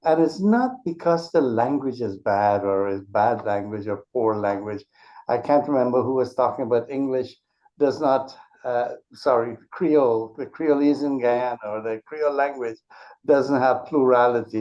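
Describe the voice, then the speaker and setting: A man's voice: mid-range voice, unhurried, darkish tone. A man, an author and speech teacher, talking as an interview guest and explaining his points patiently with examples, often restarting his sentences. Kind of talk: earnest conversational explanation. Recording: dull lo-fi recording.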